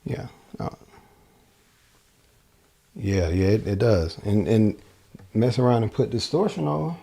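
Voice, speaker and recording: A man's voice: fairly low pitch, very animated, takes it slowly, creaky, mellow, breathy edge. A man giving a casual livestream guitar lesson, thinking aloud and often repeating and restarting his phrases, with a guitar behind him. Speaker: guitar teacher. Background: guitar playing.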